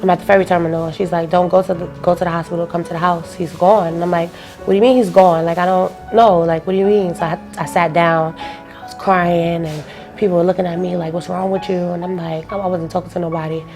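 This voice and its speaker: Low, flat-voiced young woman telling a story. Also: quick pace, soft background music. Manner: loose storyteller, acts out phone calls, many fillers. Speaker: interview guest. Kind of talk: casual interview, recounting a personal story.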